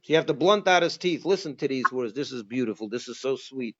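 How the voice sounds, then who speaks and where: A man's voice: mid-range voice, animated, quick pace, highs cut off. A man, a rabbi, giving a Passover class, teaching emphatically with many rhetorical questions.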